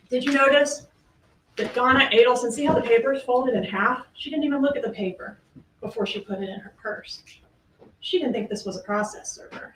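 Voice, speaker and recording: A woman's voice: on the high side, a bit bright, a little hiss or hum. A woman prosecutor giving a closing argument in court, pressing the jury with pointed rhetorical questions. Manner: rhetorical questions, emphatic pauses. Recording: echoey courtroom audio from far off.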